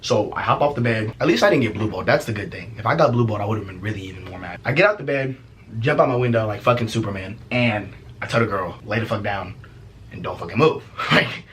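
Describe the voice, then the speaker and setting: A young man casually telling a story as a vlogger, profane and animated, laughing often. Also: on the low side, fast, a little hiss or hum.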